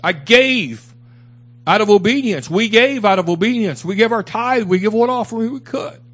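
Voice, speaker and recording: A man serving as pastor delivers a sermon with a high-pitched, a bit bright voice, lively intonation and normal speed. His preaching is emphatic and repetitive, using repeated phrases, with candid asides to his congregation.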